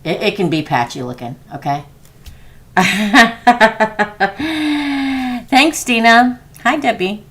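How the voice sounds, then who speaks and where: A woman's voice: fairly high pitch, lively intonation, very slow, a bit bright. A middle-aged woman doing a chatty live-stream tarot reading, laughing often and talking to viewers by name. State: prone to losing her voice. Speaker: tarot reader.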